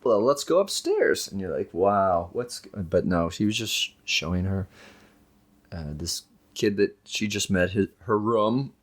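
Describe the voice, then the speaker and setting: A man with a fairly low voice co-hosts a casual podcast. He retells a horror film in an animated, joking way, dropping into quick voices for the characters. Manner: jokey, animated retelling with put-on quotes. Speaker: podcast co-host. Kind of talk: casual movie recap chat.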